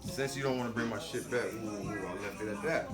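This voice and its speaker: A man telling a story in a casual podcast chat, animated and acting out the voices of the people in it. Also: on the low side, fast, loud music behind the voice. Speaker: podcast guest.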